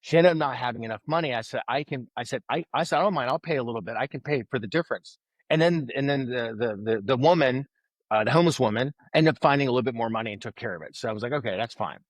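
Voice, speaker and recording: A man's voice: mid-range voice, rapid-fire, dry recording. A man telling a story as a podcast guest, acting out the voices of people he quotes. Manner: animated storyteller who acts out quoted voices. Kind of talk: conversational storytelling.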